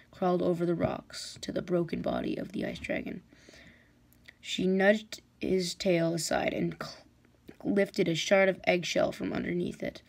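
A woman reads a fantasy novel aloud with steady storytelling. Her voice sits low and carries a gravelly edge. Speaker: story reader.

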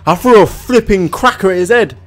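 A young man giving excitable, slangy commentary on a video game, often yelping and laughing. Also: high-pitched, a little fast, soft background music. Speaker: gaming YouTuber. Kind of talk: gaming commentary.

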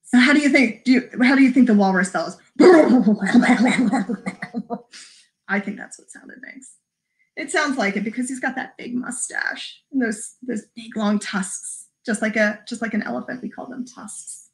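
A woman's voice: fairly high pitch, normal speed. A woman librarian reading a picture book aloud to young children, in a sing-song, encouraging voice that mixes in animal noises. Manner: encouraging, talks to young viewers. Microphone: livestream camera mic.

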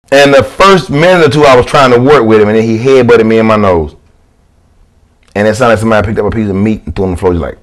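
A man telling a wrestling story in casual conversation, emphatic and profane, jumping into mocking high voices when he quotes people. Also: fast talker, a bit bright, poor audio.

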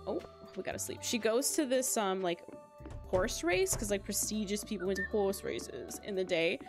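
Young woman, live streamer, giggly rambling chat, casual, game music in background. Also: medium pitch. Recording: game music playing behind.

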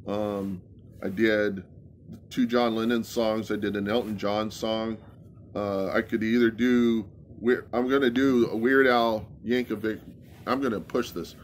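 A man chatting casually and haltingly at home between songs he sings, with many fillers. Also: on the low side, steady tone, slight background noise. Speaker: amateur singer.

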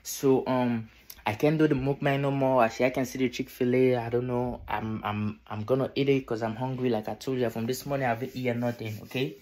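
A tired young man vlogging from his bedroom at night, keeping his voice low and repeating himself. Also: steady tone, a little fast. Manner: tired, quiet near-whisper, repetitive. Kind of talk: casual vlog talk to camera.

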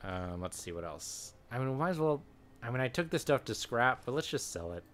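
A man's voice: mid-range voice, very animated, brisk, a bit bright. A man giving chatty, wry commentary while playing a video game, thinking aloud with frequent hesitations. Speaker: gaming channel host. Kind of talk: let's play commentary.

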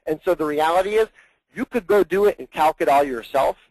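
A man with a somewhat high voice explains an administrative process on a training call. He is earnest and thorough, often doubling back on his words, and the sound is dry and close. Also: lively intonation, fairly quick, a little mellow, no echo, low-quality recording. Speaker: plan administrator guest.

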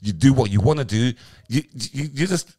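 A man's voice: medium pitch, lively intonation, normal speed, mellow. A man in his forties co-hosting a podcast, blunt and teasing, swearing a lot in casual banter. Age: 40s. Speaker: podcast co-host.

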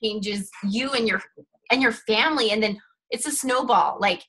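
A woman's voice: fairly high pitch, moderate pace, pushed and bright, husky, rough recording. A woman hosting a casual chat, answering her guest in an eager, sympathetic way. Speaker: host.

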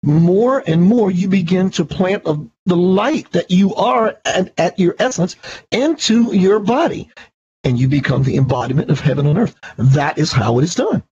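A man's voice: sits high, expressive, moderate pace, a little mellow, muffled recording. An enthusiastic man hosting a spiritual radio show, speaking with a preachy tone.

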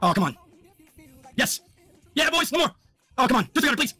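A man streaming his own gambling, excitable and swearing constantly, bursting into shouts. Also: very high voice, brisk, husky, dry recording. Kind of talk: live-stream reaction.

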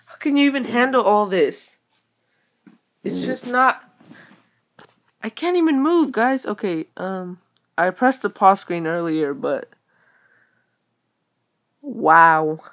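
A young woman giving casual game commentary, excitable, exclaiming and muttering to herself as she plays. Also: mid-range voice, takes it slowly, pauses often. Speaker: gaming video creator.

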